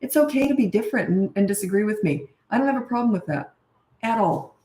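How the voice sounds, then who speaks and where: A middle-aged parenting coach answers viewer questions in a live Q&A, blunt, frank, and chatty with frequent restarts. Her medium-pitched voice is animated and mellow at a quick pace. She's off-mic at a distance in an echoey room.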